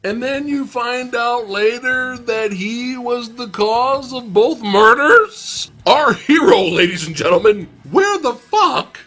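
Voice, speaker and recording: A man's voice: extremely high pitch, animated, slow pace, hardly any pauses, bright, forceful tone, soft background music. A young man giving a casual, profane, sarcastic movie review.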